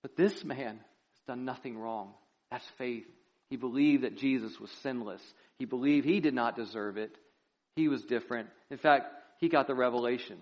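A male pastor preaching a sermon in a church, swinging between loud, impassioned lines and hushed, quiet ones. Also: medium pitch, moderate pace, highs cut off.

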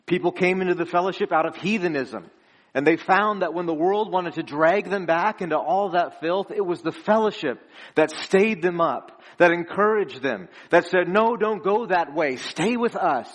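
A young man preaching from the front of his church in a fairly high voice. He tells stories in an earnest, chatty way and chuckles between his phrases. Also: normal speed. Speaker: pastor. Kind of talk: conversational sermon.

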